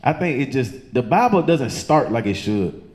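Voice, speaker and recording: A man works through a long stand-up story on a comedy club stage. He talks loose and profane at a middle pitch, and his voice leaps up high and squeaky whenever he acts out the people in his story. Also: big pitch swings, normal speed, darkish tone. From Chesterfield County, Virginia.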